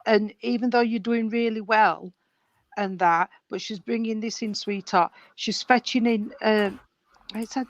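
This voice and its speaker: A woman medium rambles chattily through a live reading on a video call for an online service, addressing people as darling and sweetheart. She speaks at a measured pace in a mid-range voice; there's no echo, but the highs are cut off.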